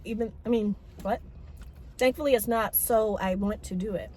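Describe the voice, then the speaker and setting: A woman's voice: mid-range voice, moderate pace, warm tone, slight background noise. A young woman rambling in a casual, self-mocking vlog while she eats, talking with her mouth full, in a parked car. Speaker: vlogger.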